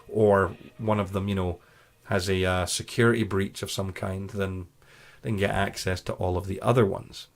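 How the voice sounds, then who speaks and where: A man giving an informal instructional talk on streaming safety, conversational and full of "you know" and quick self-corrections. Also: on the low side. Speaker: streaming educator.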